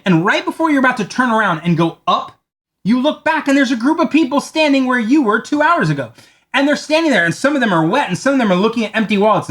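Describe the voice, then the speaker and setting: A man giving a talk on marketing, telling a long story in a conversational way and acting out the lines of the people in it. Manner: animated storyteller, acts out quoted lines in a higher voice; conversational, repeats words as he talks. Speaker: marketing speaker.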